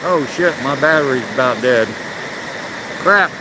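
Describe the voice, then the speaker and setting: On a forest trail near a waterfall, an older man talks casually to his livestream as he heads down the rocky path, sometimes swearing. He speaks at a medium pitch and a little slowly, and the background is noisy.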